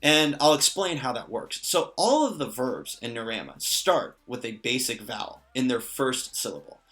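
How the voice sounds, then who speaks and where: A man's voice: medium pitch, very animated, moderate pace, a bit bright. A man explaining pronunciation in a casual lesson, patient and lightly joking. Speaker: language teacher.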